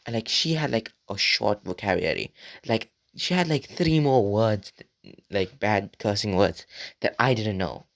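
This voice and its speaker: A man's voice: lowish voice, lively intonation, measured pace, gravelly. A young man telling a story from his childhood in a rambling, profane way, full of filler words and talking straight to his viewers. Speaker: vlogger. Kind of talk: casual storytime monologue.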